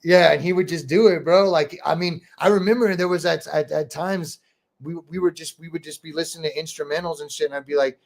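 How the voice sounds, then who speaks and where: He talks fairly quickly in a higher voice with vocal fry and fairly even intonation. As a podcast host and rapper, he tells casual stories in a rambling, cursing style full of "bro" and "dude."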